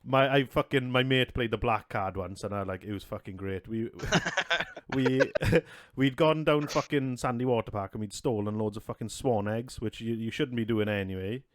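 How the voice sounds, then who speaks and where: A man's voice: medium pitch, normal speed, few pauses, dry recording, studio quality. A man hosting a podcast, telling crude stories in casual chat, swearing and laughing a lot. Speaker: podcast host.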